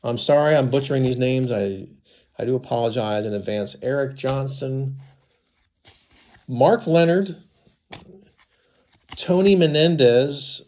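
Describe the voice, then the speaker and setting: A man with congested sinuses, unboxing baseball cards in casual commentary, reading names slowly with chatty asides. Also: medium pitch, a little mellow.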